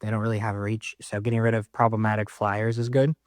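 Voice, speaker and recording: A man's voice: lowish voice, flat delivery, no echo, clean studio sound. Man casually walking through card text. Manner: reads card text aloud with quick offhand comments. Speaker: card game deck reviewer. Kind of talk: casual deck walkthrough.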